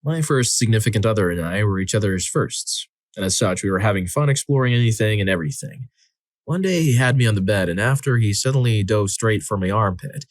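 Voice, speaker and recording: A man narrating short stories in scripted style, his voice sitting fairly low. The sound is dry, with no room around it. He lifts his voice for the quoted lines. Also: lively intonation, a little fast, no room sound. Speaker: story narrator.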